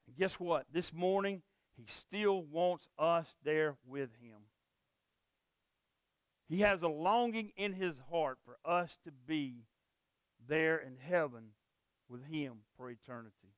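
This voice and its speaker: High-voiced emphatic preaching man. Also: takes it slowly, no room sound. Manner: emphatic, repetitive preaching cadence. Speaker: pastor. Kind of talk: sermon with closing prayer.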